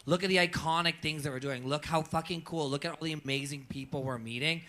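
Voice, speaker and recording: A man's voice: on the high side, quick pace, bright, forceful tone. A man from Canada, a drag performer on a viewing-party panel, talking in an emotional, casual way with frequent swearing and repetition. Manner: emotional, swears often, repeats himself. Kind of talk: casual chat.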